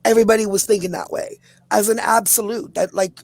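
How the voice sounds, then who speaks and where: A woman in her forties from Canada, a publicist and activist talking in a passionate podcast conversation with quick, emphatic run-on asides. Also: medium pitch, fairly even intonation, a little mellow, no room sound. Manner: rapid, emphatic, run-on storytelling with many asides.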